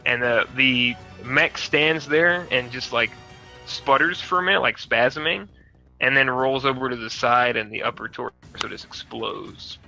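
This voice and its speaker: A man narrating a tabletop mech battle as game master, his voice very bright and cutting, loose and casual with frequent laughs and swearing. He has a middle pitch, with faint music behind him. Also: a little slow, gravelly, poor audio.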